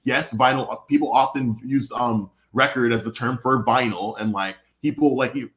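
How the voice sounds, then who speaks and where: A man's voice: medium pitch, normal speed, a bit bright. A young man from the United States, co-hosting a podcast in casual chat and rambling with lots of "like". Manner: rambling, heavy on fillers like "like". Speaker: podcast co-host. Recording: dull lo-fi recording.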